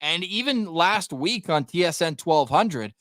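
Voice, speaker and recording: A man with a Canadian accent hosting a live hockey podcast, playful and lively as he calls out to the chat. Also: a little high, a little slow, no room sound. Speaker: podcast host. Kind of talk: casual sports talk livestream.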